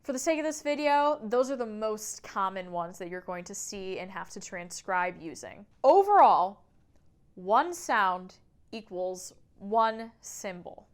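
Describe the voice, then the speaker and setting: Woman vocal coach, video lesson; upbeat, demonstrates sounds, smooth clear tone. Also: mid-range voice, unhurried. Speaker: singing teacher.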